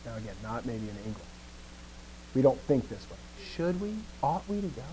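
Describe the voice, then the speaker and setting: A man's voice: medium pitch, normal speed, a little hiss or hum, poor audio. A man teaching a live grammar lesson, asking the class questions and restarting his sentences as he thinks. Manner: lively, asks questions and answers himself.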